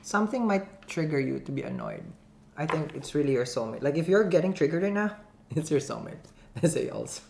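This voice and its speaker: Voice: medium pitch, huge pitch swings, fairly quick, gravelly, background noise. A tarot reader giving a casual, playful reading to camera, joking and laughing often between the cards. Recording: roomy echo.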